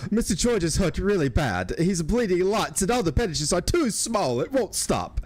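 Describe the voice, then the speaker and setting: A man's voice: sits high, sing-song, moderate pace, fairly bright tone, pitched above the performer's own voice, heavily acted. A man voicing a frightened small child pleading for help, in a poor attempt at a British accent. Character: frightened small girl writing a plea.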